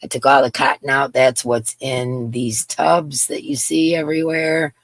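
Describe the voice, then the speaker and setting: A woman's voice: a bass voice, fairly even intonation, measured pace, no echo. A middle-aged woman hosting a crochet livestream from her yarn room at home, chatting casually and greeting viewers by name with bubbly, swooping call-outs, picked up by her computer's built-in mic. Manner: bubbly, calls out names with big upward swoops. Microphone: computer's built-in microphone.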